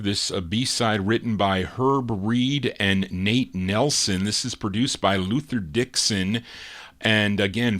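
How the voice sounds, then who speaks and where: A male DJ on a live record show, speaking in a slow, low-pitched voice. He reads out song details and dedications at an easy, unhurried pace. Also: fairly bright tone. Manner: unhurried, lists record details between songs. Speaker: radio DJ.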